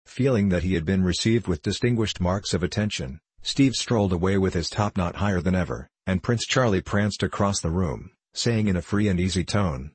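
A man narrating a classic novel in a measured storytelling manner. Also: low voice, slightly rough, no echo. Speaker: audiobook narrator.

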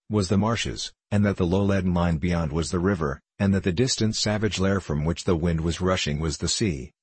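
A man narrating a classic novel as an audiobook, reading in a measured, deliberate way. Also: low-pitched, slightly rough, dry recording.

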